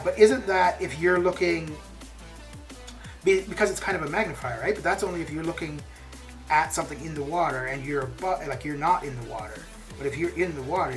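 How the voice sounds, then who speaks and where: Chatty 40ish guy on a game stream, rambling, music going under him. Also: on the high side. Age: 40s. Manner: rambling, chatty, reacts to chat. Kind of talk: casual live-stream chat. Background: stream background music.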